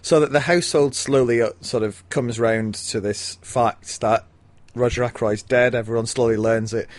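A man's voice: mid-range voice, steady tone, moderate pace, no echo. A man co-hosting a casual book podcast, summarizing the plot with dry understatement. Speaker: podcast co-host.

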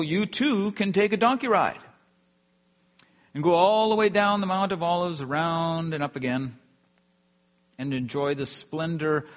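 Earnest preacher man with a slightly high voice. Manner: earnest, drops softly at phrase ends. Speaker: pastor. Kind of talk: sermon.

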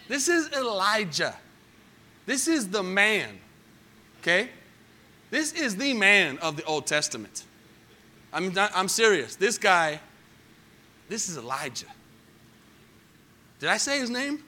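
A man preaching a sermon as pastor, moving between hushed storytelling and loud, emphatic passages and asking the congregation questions. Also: high voice, very animated, slow, pauses often.

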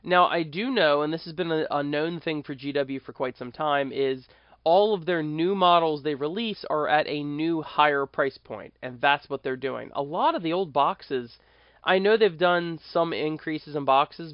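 A man's voice: on the high side, moderate pace, dry recording, dull audio. An American man hosting a podcast, talking in a rambling, conversational way that often corrects itself mid-sentence. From United States. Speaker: podcast host. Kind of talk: casual monologue podcast.

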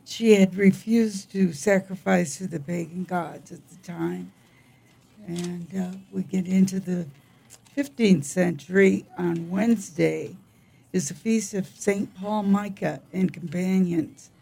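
An older woman co-hosting a casual chat about the week's feast days, with a gravelly voice and frequent throat clearing, speaking in a wry, halting way. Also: on the low side, steady tone, warm tone. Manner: unhurried, wry, halting reading. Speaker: co-host.

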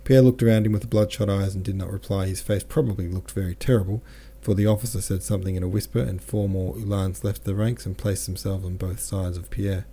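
Husky, dark-voiced male audiobook narrator. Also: low-pitched. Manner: measured, steady. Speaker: audiobook reader and translator.

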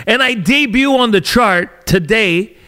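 A man's voice: high-pitched, expressive, measured pace, sharp tone. A middle-aged Canadian man hosting a solo podcast, rambling and sarcastic, often restarting his sentences. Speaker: podcast host.

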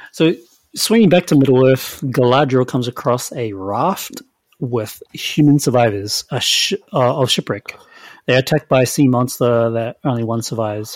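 A man's voice: mid-range voice, no echo. A man hosting a podcast, reviewing a TV series in casual, chatty talk full of fillers and hedges. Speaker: podcast host.

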